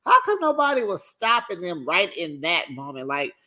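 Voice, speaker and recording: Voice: medium pitch, very animated, normal speed, bright, forceful tone. A reality TV recap host giving casual, sassy commentary and calling listeners honey and child.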